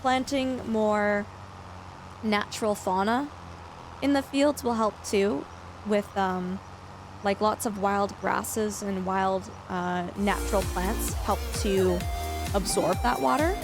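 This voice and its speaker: A woman's voice: mid-range voice, slow pace, over music. A woman live-streaming a farming game, casually chatting with viewers in a loose, rambling way full of fillers. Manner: chatty, loose, lots of fillers while answering chat. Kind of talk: casual live-stream chat while gaming.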